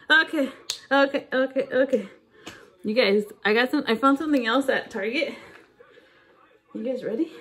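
A woman vlogging about her shopping finds, chatting casually to camera and gushing with excitement over each item. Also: fairly high pitch.

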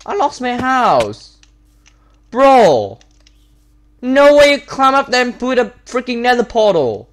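Animated man ranting over gameplay. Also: very high-pitched, slow pace, pauses often. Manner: upset, complaining, repeats himself and stumbles. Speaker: Minecraft YouTuber. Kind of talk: gameplay commentary. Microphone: desktop setup with webcam.

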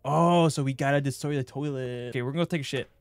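A young man streaming a game playthrough, joking crudely and bursting into excited yelps. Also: mid-range voice, fast talker. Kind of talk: gaming playthrough commentary.

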